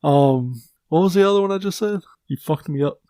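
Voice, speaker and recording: A man's voice: on the high side, warm tone, no echo, clean studio sound. A man co-hosting a podcast in casual chat, swearing freely and joking about himself. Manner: profane, self-deprecating, quick back-channel replies. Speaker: podcast co-host.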